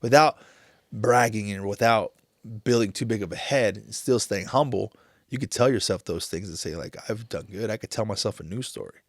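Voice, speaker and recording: Thirties male podcast host, tearful and halting; low, gravelly voice. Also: no room sound, studio quality. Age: 30s. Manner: emotional, halting, many restarts. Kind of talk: casual chat.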